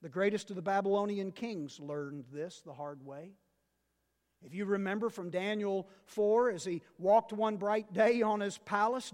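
A male pastor preaching a sermon, emphatic and repeating key words, swinging between loud and quiet. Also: sits high, big-room sound.

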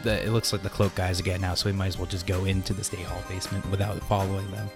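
Man, deadpan podcast player, low voice, faint music behind. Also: racing. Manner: deadpan, argumentative. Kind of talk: casual podcast chat.

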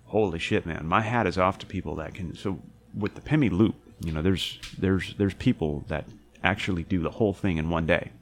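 A young man with a very deep voice talks loosely in a casual chat. He rambles through his story with lots of fillers and restarts, and he swears freely. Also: fairly quick. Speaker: podcast co-host recounting a hiking trip.

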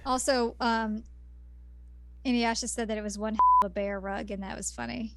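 Female co-host, chatty and wry, fairly high pitch, dry close sound. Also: fairly even intonation, pushed and bright, dry recording. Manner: chatty, wry, quick quips. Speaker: podcast co-host. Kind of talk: casual chat.

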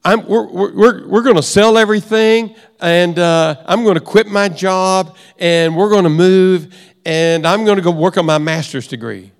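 A man's voice: high-pitched, normal speed, in a large hall. A man preaching and quoting a headstrong husband in a raised, emphatic voice. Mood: insistent. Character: stubborn young husband, abrupt and cheerful.

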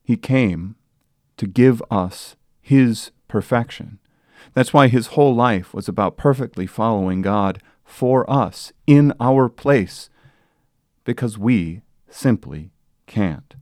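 A man preaching a sermon as pastor, earnest and plain, building to loud emphatic passages. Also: medium pitch, lively intonation, takes it slowly, no echo, clean studio sound. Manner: earnest preaching, rising to loud sung quotes.

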